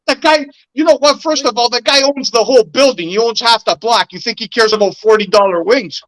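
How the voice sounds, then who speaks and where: A man's voice: very high voice, a little fast, fairly bright tone, low-quality recording. A man co-hosting a sports talk show in casual banter, rambling and restarting his phrases.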